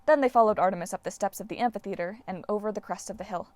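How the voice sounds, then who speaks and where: A woman reading a novel aloud with steady, clear storytelling narration. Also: mid-range voice, fairly quick, no room sound. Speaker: audiobook reader.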